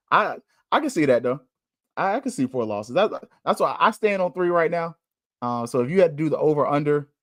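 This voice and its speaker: A young man with a drawl hosts a sports podcast in a casual, joking way, teasing rivals as he calls his picks. His pitch swings widely from one phrase to the next, and the sound is close and dry with no room around it. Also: no room sound. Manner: animated, joking, trash-talking predictions. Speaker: podcast host.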